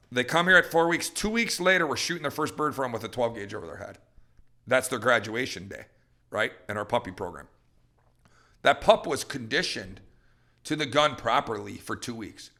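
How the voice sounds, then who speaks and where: A middle-aged man, a dog trainer hosting a podcast, ranting with fired-up energy and acting out dogs and people in quick voices. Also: mid-range voice, bright, forceful tone.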